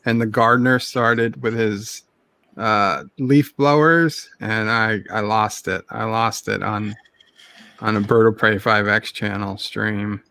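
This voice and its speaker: Gravelly man hosting a livestream. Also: on the low side, steady tone, takes it slowly, bright, forceful tone. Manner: joking, reads out chat messages. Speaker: host. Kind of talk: casual livestream chat.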